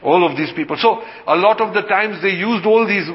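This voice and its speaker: A man's voice: high voice, fairly quick. A man, an imam, giving a sermon in a mosque, posing rhetorical questions and answering them himself. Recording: dull lo-fi sound with long hall reverb.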